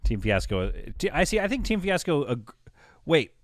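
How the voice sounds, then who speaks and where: A man streams a game live, talking casually to his chat. His pitch swings widely as he jokes and reacts, and he laughs often. The sound is dry and close, with no room echo. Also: sing-song, moderate pace. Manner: chatty, talks to chat. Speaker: livestreamer playing a game.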